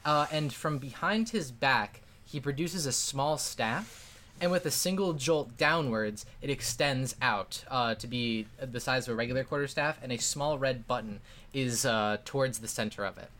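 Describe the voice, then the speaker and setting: A man's voice: medium pitch, normal speed, sharp tone. A man narrating a tabletop game as game master in a casual, rambling way with many fillers.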